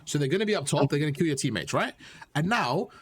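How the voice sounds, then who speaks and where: A man coaching a player through gameplay footage, direct and animated, repeating his points and calling him bro. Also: fairly high pitch, fast, breathy edge. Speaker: gaming coach.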